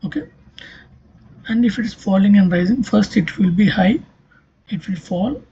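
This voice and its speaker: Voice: mid-range voice, lively intonation, moderate pace, warm tone, slightly rough, muffled recording. A linguistics lecturer giving a recorded exam-prep lesson, explaining step by step and checking in with "okay" and "right".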